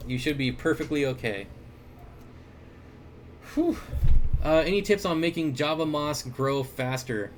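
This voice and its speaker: A man hosting a casual livestream, reading viewer comments aloud and answering aquarium questions in a relaxed, chuckling way with lots of fillers. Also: on the high side, measured pace, long pauses, slight background noise. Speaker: aquarium store owner and livestream host. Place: indoors, at his fish room or store. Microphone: desk mic.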